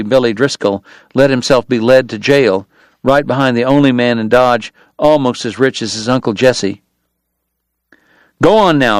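A man giving measured, scripted audiobook narration of a western. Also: mid-range voice, clear, resonant tone, dry recording.

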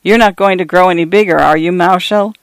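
A man reading the lines of a brisk, fond middle-aged father. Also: sits high, fairly even intonation, smooth, no room sound.

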